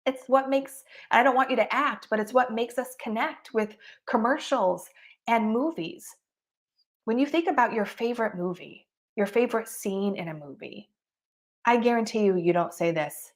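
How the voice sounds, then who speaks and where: A woman's voice: medium pitch, moderate pace. A woman teaching an online marketing coaching session, talking expressively and with emphasis, often laughing between points. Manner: expressive, emphatic, acts out examples.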